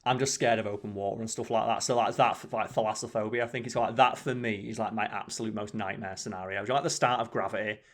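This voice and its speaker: A man's voice: fairly low pitch, fairly even intonation, quick pace, few pauses. A man hosting a let's play, chatting casually and rambling as he swears freely over the game. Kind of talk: casual gaming chat.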